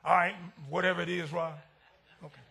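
A male pastor preaching a sermon, swinging between shouted lines and hushed ones. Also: high-pitched, flat delivery, fairly quick, gravelly, husky.

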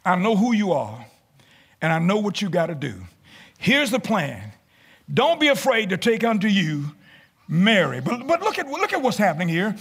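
A male preacher delivers a sermon in church with a high, bright voice. His pitch swings widely as he repeats phrases and climbs into shouted lines. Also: big pitch swings, normal speed, breathy edge.

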